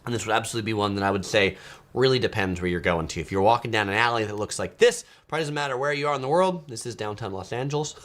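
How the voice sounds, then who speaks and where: A man's voice: medium pitch, very animated, fast talker, fairly bright tone. A man hosting a casual live stream, reading viewer comments aloud and chatting, often slipping into playful mock voices. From United States.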